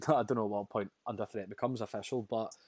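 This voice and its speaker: A man with a fairly low voice co-hosts a casual football discussion. He talks chattily, restarting sentences and laughing now and then. The sound is dry and close. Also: steady tone, quick pace, a little mellow, dry recording. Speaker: podcast co-host.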